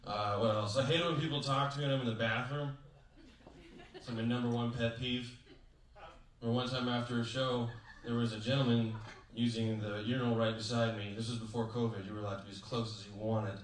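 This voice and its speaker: A man performing a stand-up comedy set on stage, telling stories deadpan with sudden high-pitched acted quotes. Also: fairly quick. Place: comedy show in a hotel venue. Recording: roomy live room, mic at a distance. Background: audience laughter.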